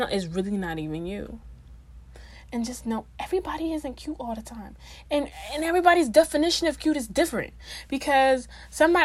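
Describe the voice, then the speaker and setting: A woman's voice: medium pitch, dry recording. A young woman vlogging in a casual, chatty way, full of slang and fillers, speaking straight to her viewers. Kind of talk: casual talk to camera.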